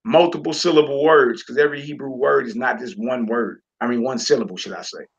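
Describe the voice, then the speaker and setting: A man teaching a Hebrew reading class in a relaxed, informal way, talking to students while he works the screen. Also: medium pitch, fairly quick, creaky, slightly rough. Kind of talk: casual online class lesson. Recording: lo-fi recording.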